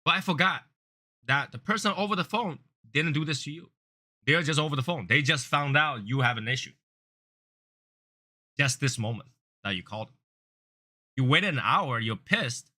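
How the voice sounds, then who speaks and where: Man, casual cigar chat host, very bright tone, earnest, rambling, repeats points. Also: animated, normal speed, long pauses. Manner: grows louder and higher when acting out angry callers.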